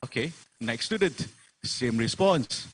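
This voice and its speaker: A man's voice: mid-range voice, expressive, slow, slightly rough. A Malaysian man speaking as a forum panelist, earnest and full of fillers, slipping Malay phrases into his English. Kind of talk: forum talk. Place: online forum.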